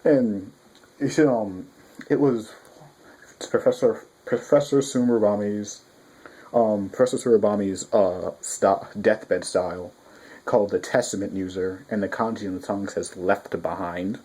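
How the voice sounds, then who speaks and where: A man giving a casual spoken manga review, rambling and excitable, with frequent restarts and swearing. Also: on the low side, measured pace, husky.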